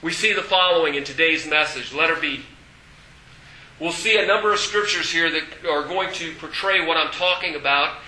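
A man preaching a sermon as pastor, animated, breaking into shouts and acted quotes. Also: sits high, roomy sound, slight background noise, rough recording.

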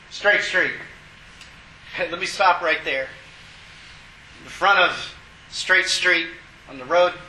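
Bright, emphatic preacher man. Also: on the high side, reverberant, a little hiss or hum, rough recording. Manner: emphatic, exclaiming, chuckles at asides. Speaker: pastor. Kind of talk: sermon with scripture reading.

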